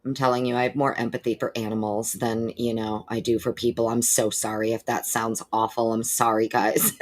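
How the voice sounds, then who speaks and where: A woman's voice: a bass voice, brisk, hardly any pauses. A woman hosting a casual live stream, chatting with viewers by name and swearing freely while going over court documents. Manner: animated, with exaggerated put-on quote voices.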